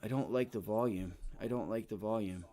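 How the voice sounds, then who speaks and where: A mellow, slightly fast, lowish male voice belongs to a man in his thirties hosting a live day-trading stream. He talks to himself, his viewers and the chart in casual commentary, swearing now and then and sometimes sounding frustrated.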